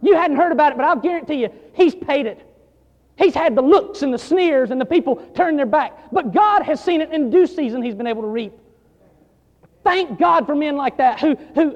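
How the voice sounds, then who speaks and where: A male pastor preaching a sermon, emphatic and repetitive, building louder on key lines. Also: extremely high pitch, animated, brisk. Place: church sanctuary. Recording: dull sound in a long reverberant hall.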